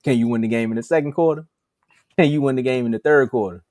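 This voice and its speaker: Dry-sounding, laughing sports podcast host. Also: male voice, mid-range voice, quick pace, dry recording. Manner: animated, laughs between jokes; rattles off shout-outs. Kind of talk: casual sports banter.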